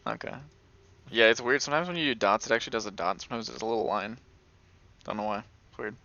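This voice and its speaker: A man's voice: on the low side, lively intonation, quick pace, vocal fry, pushed and bright. A young man acting as game master at a tabletop game, chatting casually and laughing often. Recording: dull lo-fi recording.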